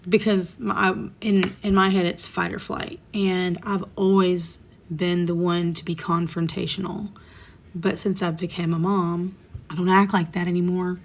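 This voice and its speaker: A woman's voice: on the low side, flat delivery, moderate pace, slight background noise. A woman in her thirties telling a personal story in a candid, emotional way, sometimes dropping to a whisper. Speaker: vlogger. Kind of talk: casual storytime monologue.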